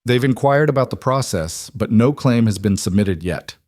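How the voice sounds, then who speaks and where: A man's voice: mid-range voice, expressive, normal speed, a little mellow, no room sound, studio quality, lightly acted. A man doing a thin, fussy frontier clerk. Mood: wary. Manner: bored, then wary and hesitant. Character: thin, bored male land office clerk.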